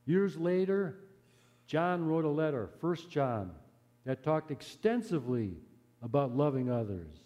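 Mellow-voiced preacher in a reverberant hall. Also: male voice, a little high, animated, dull audio. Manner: earnest, measured, dropping to a hush at solemn moments. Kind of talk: sermon storytelling.

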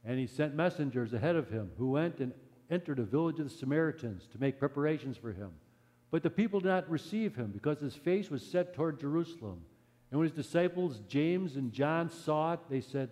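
Mellow-voiced preacher in a reverberant hall. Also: male voice, fairly high pitch, lively intonation. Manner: earnest, measured, dropping to a hush at solemn moments. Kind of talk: sermon storytelling.

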